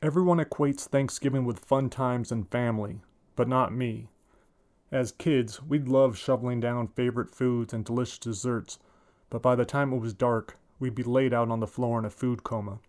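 Author in his forties, reads his own story plainly, mid-pitched. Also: fairly even intonation, normal speed, darkish tone. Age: 40s. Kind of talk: story reading.

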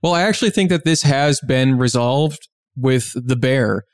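A man's voice: mid-range voice, normal speed, no room sound, clean studio sound. A man co-hosting a podcast, chatting casually and chiming in with easygoing agreement. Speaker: podcast co-host. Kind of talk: casual chat.

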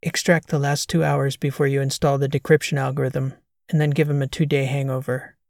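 A man reading the lines of a brisk, teasing young woman who is in charge, in a dry, matter-of-fact way. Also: mid-range voice, flat delivery, creaky, a little mellow, no room sound, close to an everyday voice. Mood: wry matter-of-fact. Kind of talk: audiobook character voice.

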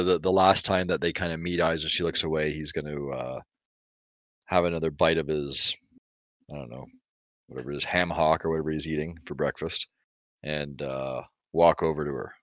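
A man's voice: a bass voice, fairly bright tone, no room sound. A man playing a barbarian in a tabletop game, talking casually with rambling hesitation and frequent laughs. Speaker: player. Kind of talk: casual tabletop role-play.

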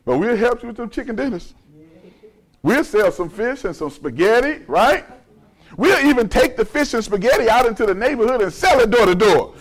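A man's voice: extremely high pitch, lively intonation, normal speed. A male pastor preaching a sermon in a conversational, folksy way, mixing humor with call-and-response to the congregation.

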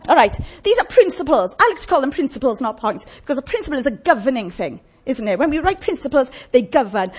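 A woman's voice: high voice, husky. A woman preaching a sermon in a conversational way, often asking the congregation questions.

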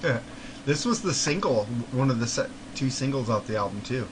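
A man's voice: mid-range voice, expressive, normal speed, a little hiss or hum, poor audio. A man co-hosting a casual album review chat, enthusiastic and swearing, reciting lyrics aloud. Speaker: podcast co-host reviewing an album.

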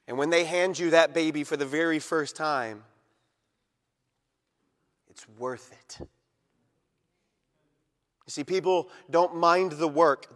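High-pitched pastor preaching hard, loud then hushed, big echoey church hall. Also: male voice. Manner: emphatic preaching, swinging between loud and quiet, slowing for stress. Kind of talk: sermon. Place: church sanctuary. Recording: long reverb of a large hall.

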